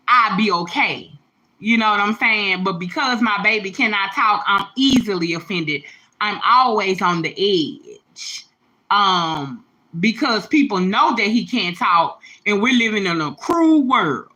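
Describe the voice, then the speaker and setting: A woman hosting a casual livestream, talking straight to her viewers. Her bright, forceful voice is emphatic and slangy. She sounds a little teary as she speaks from the heart. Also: medium pitch, lively intonation, normal speed. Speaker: livestream host, mother.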